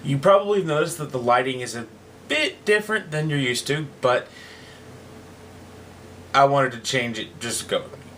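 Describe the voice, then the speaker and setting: A man speaking casually to his viewers in a homemade vlog. He sounds chatty and a little hesitant, pausing now and then to find his words. His pitch sits in a middle range but moves around a lot as he talks. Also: animated, a bit bright, slight background noise. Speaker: vlogger.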